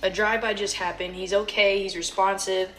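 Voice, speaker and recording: A young woman vlogger telling a story in casual chat, animated and acting out what people said. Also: mid-range voice, fairly quick, slight background noise. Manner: animated, acts out the quoted lines.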